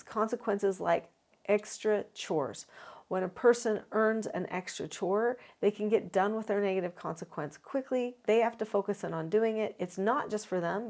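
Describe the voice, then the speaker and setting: A woman with a mid-range voice delivers parenting advice as an instructional talk. She lays each point out methodically, counting down numbered tips. Her tone stays earnest and encouraging. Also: medium pitch. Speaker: parenting educator.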